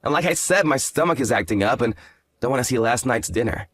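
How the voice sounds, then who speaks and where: Male actor, arrogant hungover fiancé, condescending drawl, lively intonation. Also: mid-range voice, quick pace, no echo, clean studio sound. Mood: dismissive. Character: smug hungover young fiancé, arrogant and dismissive. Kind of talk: dramatized story voice acting.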